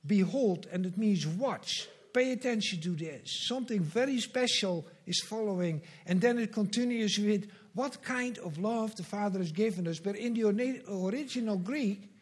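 A man with a high voice preaches a sermon in an earnest, measured way. He leans on slow, emphatic repetitions as he addresses the congregation. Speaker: pastor.

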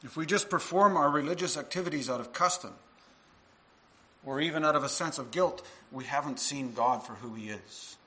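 A man's voice: fairly high pitch, normal speed, sharp tone, low-quality recording. A male minister preaching a sermon to his congregation, earnest and full of rhetorical questions.

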